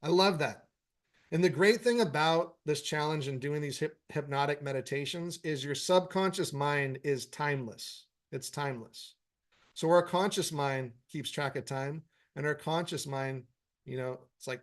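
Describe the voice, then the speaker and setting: A man's voice: a little high, moderate pace. A man hosting a meditation Q&A, chatting casually and swearing freely as he answers viewer comments. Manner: frank, profanity-laced, encouraging. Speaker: meditation teacher and host.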